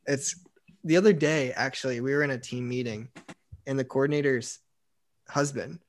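A young man in casual chat, telling animated stories and saying "like" often. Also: medium pitch, normal speed. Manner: animated storyteller, acts out quotes, says "like" a lot. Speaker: university staff member.

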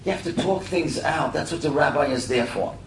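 A middle-aged man telling a heartfelt moral story, animated and acting out the voices. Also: a little high, brisk. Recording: roomy and distant with faint hiss.

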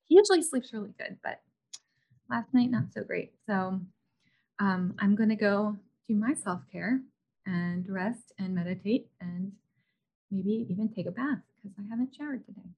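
A woman's voice: medium pitch, lively intonation, moderate pace, darkish tone. A woman in her thirties hosting a podcast, talking casually with lots of fillers and restarts. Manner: chatty, many fillers and restarts. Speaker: podcast host. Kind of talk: casual interview chat.

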